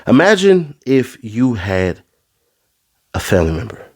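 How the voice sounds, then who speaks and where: A man doing a casual commentary rant, full of street slang, who swings from low asides into high, exasperated outbursts. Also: big pitch swings, measured pace. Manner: street slang, addresses the audience as bro. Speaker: commentary vlogger.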